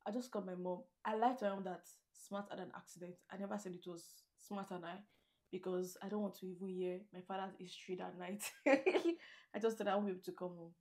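A woman's voice: medium pitch, steady tone, fast talker, darkish tone. Chatty woman vlogger. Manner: chatty, laughs often, heartfelt. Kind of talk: casual vlog chat. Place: living in Greater Manchester, UK.

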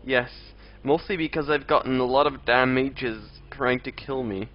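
A man's voice: mid-range voice, moderate pace. A young man streaming a game live, chatting with viewers and grumbling at enemies. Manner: chatty, reads out and answers chat, exasperated outbursts at enemies. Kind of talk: live gameplay commentary. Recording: dull lo-fi stream audio with faint game music.

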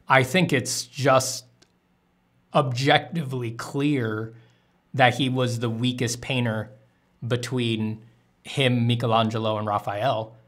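A man's voice: medium pitch, a bit bright. A man, an artist streaming while drawing, answering chat questions in a candid, rambling way with casual swearing.

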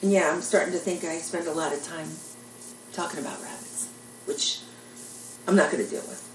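A woman's voice: low voice, fairly even intonation, normal speed, reverberant, distant mic, a little hiss or hum, low-quality recording. An older woman telling jokes and rambling stories in a chatty, self-deprecating way. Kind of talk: casual storytelling monologue.

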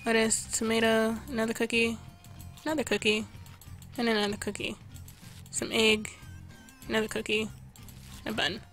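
A woman's voice: fairly high pitch, little pitch movement, moderate pace, fairly bright tone. Chatty woman narrating a cooking game. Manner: chatty, reads out orders to customers while playing. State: losing her voice. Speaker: gameplay video host. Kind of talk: casual let's-play commentary. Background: game music.

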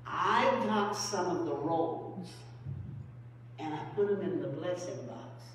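Female pastor, folksy storytelling sermon; recorded far off in a roomy church hall with a faint hum. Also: slow. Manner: storytelling, acts out phone calls and quotes in a high voice. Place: church sanctuary.

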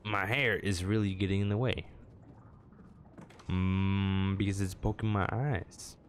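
A man's voice: deep voice, fairly even intonation, measured pace, a little hiss or hum. A young man commentating his own video game match at home, self-mocking and talking to his opponents. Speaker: gaming channel host.

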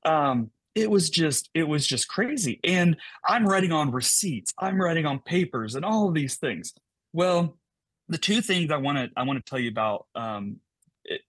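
A man, a podcast guest, telling an emotional personal story in a fast, animated way, often repeating words. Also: fairly high pitch, husky, no room sound.

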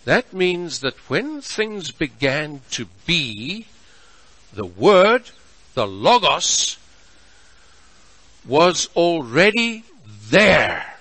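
A male pastor delivers a sermon with a high, bright voice that rises and falls expressively. He speaks slowly and with emphasis, drawing out the key words. The sound is close and dry. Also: sing-song, no echo, rough recording. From South Africa.

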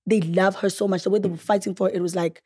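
Host: young South African woman, husky tone, chatty storyteller who acts out quotes. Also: mid-range voice, quick pace. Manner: animated storytelling, acting out quotes. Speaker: podcast host. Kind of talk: casual chat.

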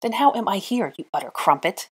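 Woman reader voices a proud, shrill young witch in a storybook reading; sarcastic, pitch swinging wildly. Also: expressive, fairly quick, slightly rough. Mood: indignant. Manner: shrill, sarcastic, pitch leaping high when indignant. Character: exasperated young witch, sharp-tongued and proud.

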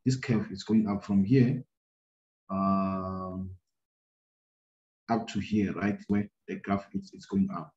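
A man with a low, mellow voice works through a maths problem for his students. He thinks aloud, full of ums and repeated "right?" checks. The recording is dull and lo-fi, in a roomy space. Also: fairly even intonation, slow, long pauses. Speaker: maths teacher. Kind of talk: screen-recorded maths lesson.

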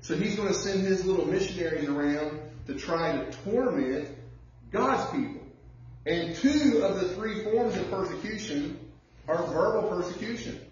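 Male pastor, fairly high voice, folksy storytelling sermon, recorded from far back in a very echoey church with dull sound. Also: a little hiss or hum. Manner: conversational preaching with personal stories, drawling slow emphasis.

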